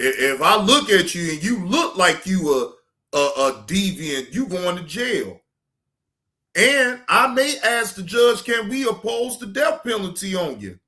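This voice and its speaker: Bright-voiced, animated man ranting. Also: a little high. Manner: animated, emphatic, joking. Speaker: streamer host. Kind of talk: casual reaction stream rant.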